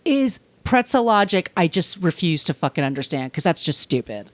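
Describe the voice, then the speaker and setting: A woman's voice: on the low side, big pitch swings, moderate pace, no room sound. A woman co-hosting a casual podcast, talking bluntly and sarcastically with plenty of swearing. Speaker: podcast co-host.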